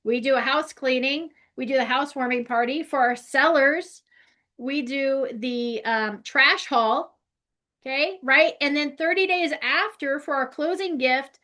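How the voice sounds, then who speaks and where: Bright high-voiced woman, chatty trainer. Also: measured pace. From California. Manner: chatty, frequent "right?" and "like". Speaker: real estate trainer. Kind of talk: casual training talk.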